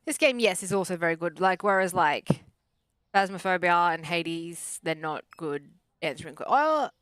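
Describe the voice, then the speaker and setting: A woman's voice: lowish voice, expressive, moderate pace, fairly bright tone, clear, resonant tone, no echo, poor audio. Chatty woman streaming a game. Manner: chatty, playful, breaks off to coo at her dog; makes sing-song beeping sounds while scanning items. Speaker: streamer and therapist. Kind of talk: casual gameplay chat. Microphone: desk microphone.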